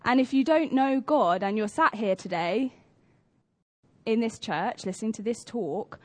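A woman's voice: fairly high pitch, unhurried. A young British woman giving a conversational sermon in a church, acting out the stories she tells. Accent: British English. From Britain. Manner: conversational, acts out stories with lively voices. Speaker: church speaker. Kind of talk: sermon talk.

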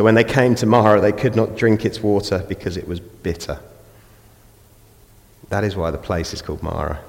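A man with an English accent preaching a sermon in a church, animated, acting out the voices of people praying and grumbling. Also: on the low side, moderate pace, gravelly. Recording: long reverb of a church hall.

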